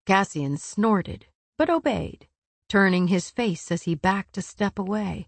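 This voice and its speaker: A woman narrating a story aloud in a measured, steady reading voice. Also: mid-range voice, slightly rough, no echo. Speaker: audiobook narrator. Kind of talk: scripted narration.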